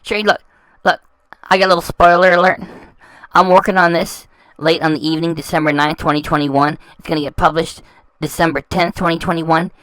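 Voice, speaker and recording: A woman's voice: low voice, fairly even intonation, fairly quick, a bit bright, smooth, dry recording, poor audio. A woman hosting a reaction channel, talking over clips in a scornful, insulting way and often stumbling and repeating words. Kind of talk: mocking commentary over clips.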